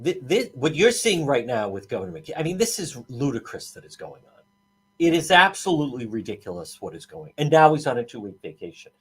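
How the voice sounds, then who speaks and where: A man's voice: medium pitch, big pitch swings, a little fast, a bit bright, breathy edge. A man hosting a talk show, ranting with heated, sarcastic indignation and many restarts. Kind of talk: heated political commentary.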